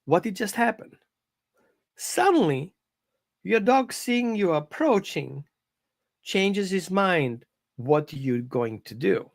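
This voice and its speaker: A dog trainer giving an informal live-stream lesson from home, talking in an animated, conversational coaching way. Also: mid-range voice, slow, gravelly, pauses often, no echo, studio quality.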